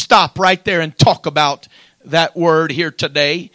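A man preaching a fiery sermon, climbing to loud high-pitched shouts and sinking to hushed, quiet passages. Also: steady tone, slow pace, no room sound. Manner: rises to loud high-pitched shouting on scripture, drops to quiet near-whispers.

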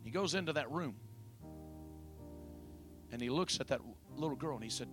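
A man's voice: medium pitch, expressive, moderate pace, long pauses, over music. A man preaching a sermon, retelling a story dramatically and questioning his listeners directly.

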